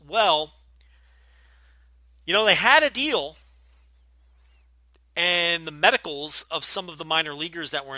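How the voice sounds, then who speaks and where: Middle-aged podcast host from New Jersey, light Jersey accent, bright and sharp tone, blunt and profane, dry close mic. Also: male voice, fairly high pitch, no room sound. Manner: blunt, profane, rambling with many fillers. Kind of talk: casual Q&A podcast.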